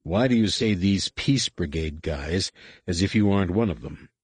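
A man's voice: deep voice, lively intonation, normal speed, slightly rough, no echo. A man voicing a stern, commanding teenage male Jedi who speaks in a firm, clipped way.

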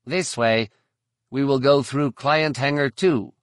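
A man's voice: medium pitch, slow pace, no echo, clean studio sound, voice pushed up, lightly acted. A man voicing a literal-minded male insectoid alien who speaks in an earnest, formal, oddly precise way.

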